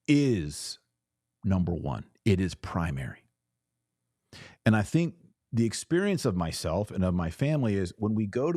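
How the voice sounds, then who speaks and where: Low, dark-voiced man hosting a livestream. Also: no room sound, clean studio sound. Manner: earnest, emphatic, repeats phrases. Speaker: host reading super chats. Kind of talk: livestream commentary.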